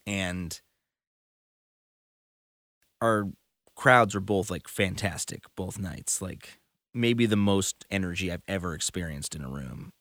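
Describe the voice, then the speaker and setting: A man's voice: low-pitched, takes it slowly, pauses often, a bit bright, no echo. A man, a touring musician, telling stories in casual conversation, rambling and full of fillers. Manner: rambling storyteller, many fillers.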